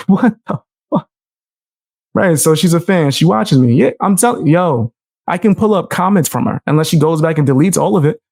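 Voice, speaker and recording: Animated, profane, gravelly-voiced man. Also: fairly high pitch, moderate pace, dry recording, studio quality. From United States. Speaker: streamer reacting to a video. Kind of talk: live stream reaction commentary.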